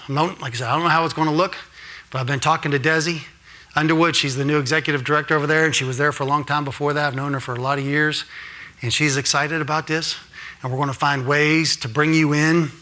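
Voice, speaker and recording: Man, guest preacher, sermon, bright forceful voice, fairly high, earnest, checks in with the room. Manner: earnest and direct, rising to emphatic high peaks; addresses the congregation with frequent "all right?" and "right?". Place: church sanctuary.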